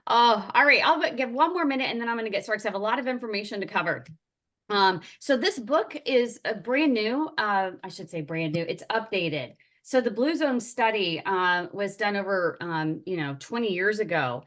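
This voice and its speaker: A woman's voice: on the high side, lively intonation, normal speed, fairly bright tone. Woman yoga instructor, upbeat and chatty, leading a casual online workshop over a video call. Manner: upbeat, chatty, greets attendees by name.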